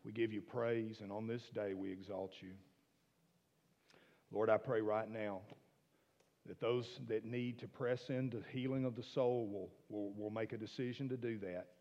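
A man preaching a sermon, swinging from soft hushed asides to loud emphatic declarations. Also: on the low side, steady tone, normal speed, in a large hall, dull audio. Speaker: pastor.

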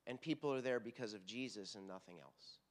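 A man's voice: lowish voice, fairly quick. A middle-aged man with a Texan accent, a worship pastor preaching a sermon in a conversational, earnest, storytelling way.

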